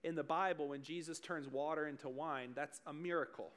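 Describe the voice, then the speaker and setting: Chatty man preaching with animated storytelling. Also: on the high side, a little fast. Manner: animated and chatty, full of "like" and restarts, laughing at his own stories. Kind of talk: casual sermon storytelling. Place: church service in front of a group.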